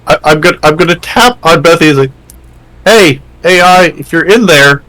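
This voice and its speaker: A man's voice: a little high, moderate pace, bright, forceful tone. A man playing in a tabletop game, hesitant as he talks. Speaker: player.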